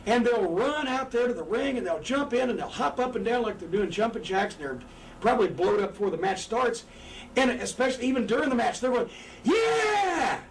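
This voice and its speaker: An older man, a former wrestler seated on a couch, telling profane, animated stories and acting out crowd voices. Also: very high-pitched, a little fast. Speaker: former pro wrestler, guest. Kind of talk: candid interview storytelling. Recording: distant mic with faint background noise.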